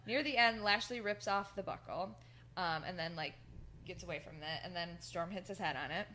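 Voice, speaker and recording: A woman's voice: on the low side, moderate pace, pushed and bright. Woman, podcast co-host, rambling casual recap, filler-heavy. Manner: rambling, lots of fillers, laughs through quotes. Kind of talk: casual chat recapping wrestling.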